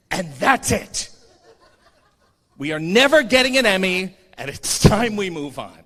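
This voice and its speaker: Sardonic male stand-up on a live stage, bright, sharp voice that leaps around a lot. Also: high-pitched. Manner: animated, sardonic, self-mocking. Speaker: comedian. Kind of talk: stand-up comedy set. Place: convention stage before a live audience. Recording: reverberant stage hall.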